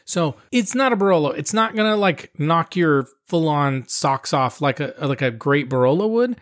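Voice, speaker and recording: A man's voice: a little high, animated, normal speed. A man co-hosting a casual wine-tasting chat, enthusiastic and given to repeating himself as he talks. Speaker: wine podcast co-host.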